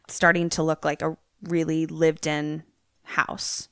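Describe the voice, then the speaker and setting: A woman podcast co-host in casual chat, telling a horror film's plot in an animated way and acting out the characters. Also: low-pitched, unhurried, no echo, studio quality. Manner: animated storytelling, acts out the characters.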